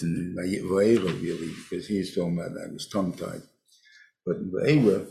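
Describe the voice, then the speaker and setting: Older rabbi with a low gravelly voice. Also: male voice, darkish tone. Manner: halting, many restarts, mixes Hebrew terms. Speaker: rabbi teaching a weekly class. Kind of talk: informal Torah class.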